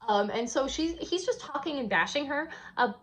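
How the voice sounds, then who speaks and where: Woman vlogger, chatty, rambling, filler-heavy, slightly high voice, hotel room. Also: expressive, normal speed, a bit bright. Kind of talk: casual retelling of a play.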